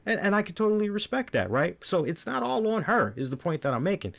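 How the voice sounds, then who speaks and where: A man's voice: high-pitched, very animated, fast, gravelly, few pauses, a bit bright. A man hosting a wrestling review show, talking casually and with animation, often repeating words and asking "right?".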